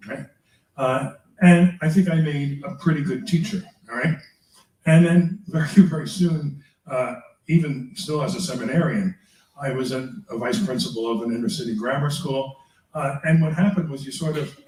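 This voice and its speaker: An older man, a priest, lecturing teachers in a chatty way, chuckling often and tagging his points with quick questions to the room. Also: medium pitch, a little mellow. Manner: chatty, chuckling, tags remarks with "all right?". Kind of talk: lecture with personal anecdotes. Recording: echoey room, mic far off.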